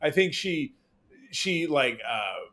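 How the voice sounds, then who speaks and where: A man co-hosting a casual podcast, chatting with lots of fillers and quick mock character voices. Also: fairly high pitch. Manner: animated, quick impressions of characters, many fillers. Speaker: podcast co-host. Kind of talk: casual chat.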